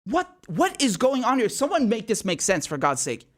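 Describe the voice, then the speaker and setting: A man hosting a political commentary show, ranting in outrage with rapid rhetorical questions and frequent swearing. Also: sits high, huge pitch swings. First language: not American.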